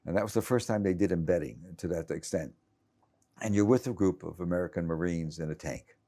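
A man's voice: low voice, a little fast, warm tone. A man in his late seventies, a journalist interviewed in conversation, who talks in a rambling, cranky way with many restarts and stammers. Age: 70s. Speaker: journalist guest.

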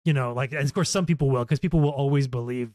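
A man's voice: medium pitch, fast, a little mellow, dry recording. A man hosting a podcast in casual political chat, rambling with many fillers and restarts. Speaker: podcast host. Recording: dry close sound.

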